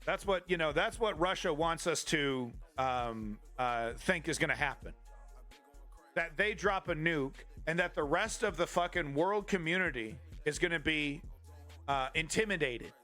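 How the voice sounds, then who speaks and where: A man rants on a live stream with a slightly high, forceful voice. He swears freely and stays flippant, stumbling and restarting his sentences. Faint music plays underneath. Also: lively intonation, unhurried. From Canada. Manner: profane, flippant, repetitive restarts. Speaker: political commentary streamer. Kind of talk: live-streamed political rant.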